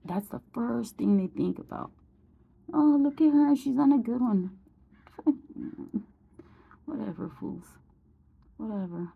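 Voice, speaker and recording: Blunt, emotional woman vlogger, husky voice. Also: medium pitch, warm tone. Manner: blunt, emotional, swears casually. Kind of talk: candid personal vlog.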